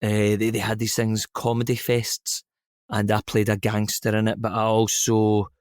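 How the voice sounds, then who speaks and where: A man's voice: on the low side, normal speed, no echo, clean studio sound. A young Scottish man, an actor, chatting in an interview, telling stories with lots of ums and restarts. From Scotland. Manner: relaxed storytelling, many ums and restarts. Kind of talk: casual interview chat.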